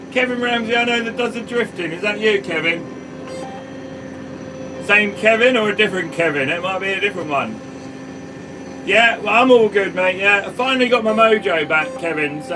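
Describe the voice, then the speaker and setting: A man, a farmer, chatting casually on a live stream from his sprayer cab and greeting viewers by name. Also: sits high. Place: sprayer cab on a farm field. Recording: mic at a distance, vehicle noise.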